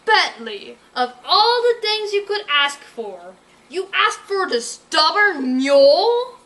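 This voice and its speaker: A woman's voice: high-pitched, animated, pushed and bright, exaggerated voice, poor audio. A woman voicing a boastful, greedy rich villain man, drawing out his sneering lines in a storybook reading. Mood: gloating. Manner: boastful, sneering, drawn-out delivery.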